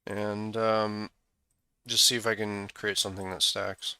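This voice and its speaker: A man's voice: on the low side, little pitch movement, a little slow, sharp tone, smooth, no echo. A man talking through his programming work in a casual coding walkthrough, thinking aloud as he goes. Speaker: programmer screencasting code.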